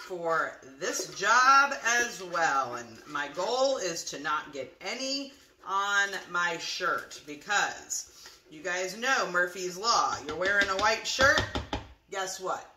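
A woman's voice: fairly low pitch, echoey room, noisy background. A woman chatting to her viewers as she demonstrates a one-pot recipe in her kitchen. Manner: chatty, talks to viewers while cooking. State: teary from onion. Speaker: cooking demonstrator. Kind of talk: casual cooking demo.

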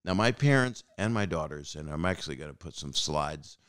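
A man's voice: a bass voice, lively intonation, a little fast, a bit bright, clear, resonant tone. A man in his sixties hosting a podcast, rambling through casual stories with fillers and restarts, acting out other people's lines. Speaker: podcast host. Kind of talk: casual storytelling.

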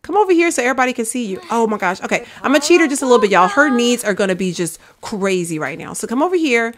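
A woman's voice: fairly high pitch, lively intonation, very fast, crowd noise. A woman giving casual gameplay commentary, chatting to her viewers and coaxing her game characters along. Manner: chatty, coaxes and scolds her game characters, says "y'all". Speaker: gaming video creator.

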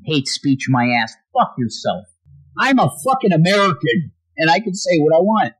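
A man's voice: on the high side, animated, normal speed, slightly rough, low-quality recording. A man hosting a livestream, ranting angrily with constant swearing. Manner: angry profane ranting, swings loud and quiet. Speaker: livestream host.

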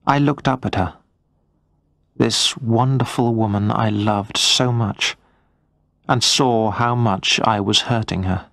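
Slow, measured male story narrator. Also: lowish voice, steady tone, gravelly, a bit bright, dry recording, clean studio sound. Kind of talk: scripted story narration for English learners.

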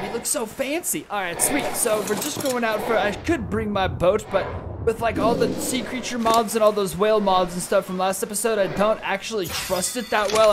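A young man with a high voice narrates his video game session, swearing freely and breaking into yells when things go wrong. Clear game noise runs behind him the whole time. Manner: excitable, profane, yells at the game. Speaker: gaming YouTuber. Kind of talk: let's play commentary.

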